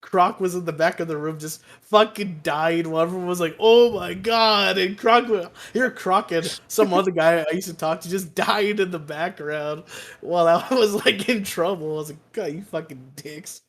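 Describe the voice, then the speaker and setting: A young man spins a long, rambling anecdote on a casual podcast, cursing freely and laughing at his own story. His voice sits on the high side for a man. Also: normal speed, fairly bright tone. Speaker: podcast co-host.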